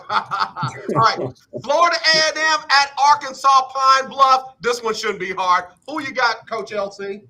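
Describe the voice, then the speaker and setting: Upbeat guy hosting sports radio, high bright voice, moves fast between guests. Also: rough recording. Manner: brisk, upbeat, calls on guests by name. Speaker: radio sports talk host. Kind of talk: casual radio sports chat.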